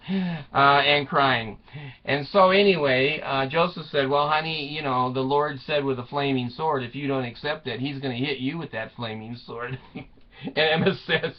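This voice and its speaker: A man's voice: mid-range voice, measured pace. A man telling a comic story with voiced quotes, rambling with fillers and laughing often. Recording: dull lo-fi recording.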